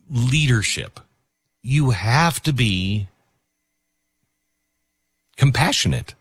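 A man's voice: fairly low pitch, sing-song, unhurried, long pauses, husky, no room sound. A man hosting a talk radio show, rambling in casual commentary with many fillers and restarts.

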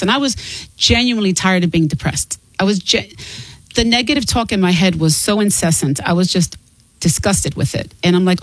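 A middle-aged woman speaking candidly and earnestly as an interview guest, quick to laugh. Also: medium pitch, no echo, poor audio. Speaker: guest author and singer. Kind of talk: casual interview talk.

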